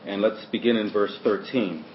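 A man preaching a sermon in a church hall, who swings between loud stresses and quiet asides. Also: on the low side, normal speed, a little hiss or hum. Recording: roomy, dull lo-fi sermon recording.

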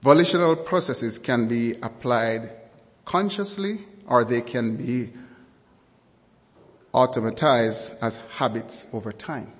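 A male preacher delivers a sermon at a measured, deliberate pace, leaning on key words and repeating them for weight. His voice sits at an ordinary middle pitch for a man. A long reverb trails each phrase, as if he is in a large hall.

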